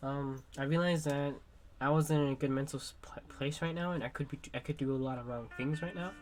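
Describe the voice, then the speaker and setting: A man's voice: mid-range voice, fairly even intonation, a little fast, soft background music. Young man rambling frankly while sick. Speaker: streamer. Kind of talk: candid personal vlog monologue.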